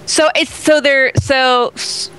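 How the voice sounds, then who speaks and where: A woman's voice: sits high, fairly even intonation, slow, bright, forceful tone, poor audio. A woman with a slight lisp, co-hosting a podcast in rambling, casual chat. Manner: chatty, rambling, with restarts and giggles. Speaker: podcast co-host.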